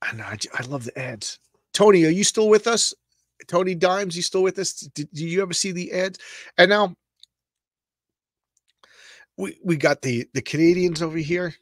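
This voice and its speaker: A middle-aged man hosting a casual comics read-through, excitable and rambling with stammered repeats. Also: high-pitched, moderate pace, pauses often, no room sound, studio quality. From Long Island, New York. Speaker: comics show host.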